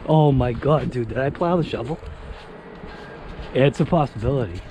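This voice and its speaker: A man's voice: mid-range voice, moderate pace. A man vlogging casually outdoors in a snowy driveway, talking to himself and laughing often. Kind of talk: casual self-talk vlog. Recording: loud outdoor wind and vehicle noise.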